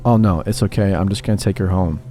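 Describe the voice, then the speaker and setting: A man's voice: deep voice, quick pace, mellow, faint music behind, close to an everyday voice. A man voicing a drunk, angry short guy. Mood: pushy.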